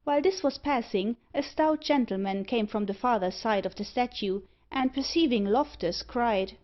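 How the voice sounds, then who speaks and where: A woman narrating an audiobook of a classic novel in a steady, measured reading. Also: on the high side. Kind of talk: scripted narration. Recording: slightly dull lo-fi recording.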